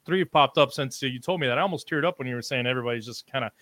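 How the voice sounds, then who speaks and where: Halting, bright-voiced male host. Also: medium pitch, no room sound. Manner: halting, with frequent ums and restarts; reads out viewer comments. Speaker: livestream interview host. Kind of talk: casual live-stream interview.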